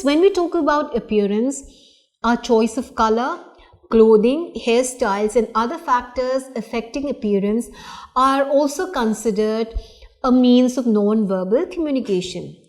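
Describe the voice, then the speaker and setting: Slow, hesitant woman lecturer. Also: a little high. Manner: slow and deliberate, with many fillers and restarts. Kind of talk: recorded lecture.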